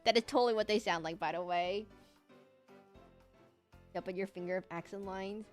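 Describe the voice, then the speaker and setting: A woman's voice: medium pitch, normal speed, faint music behind. A young woman streaming while she draws, chatting casually in a rambling, giggly way that hops between tangents. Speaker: streamer drawing live. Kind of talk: casual chat while drawing.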